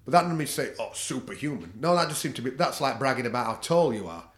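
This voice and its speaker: Talking fast with big pitch swings in a mid-range voice, a middle-aged man with a Northern English accent guests on a podcast. The jiu-jitsu practitioner is blunt, swears freely, and laughs at his own stories in casual chat recorded in an echoey room.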